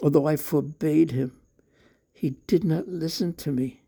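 A man's voice: on the high side, a little slow, vocal fry, warm tone, husky, exaggerated voice. A man voicing the mischievous little boy Krishna in a storytelling reading, pleading and clever. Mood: tattling.

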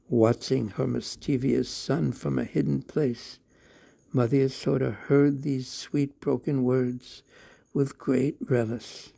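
A man narrating a devotional story in a slow, measured, devout manner. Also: medium pitch, fairly even intonation, gravelly, mellow.

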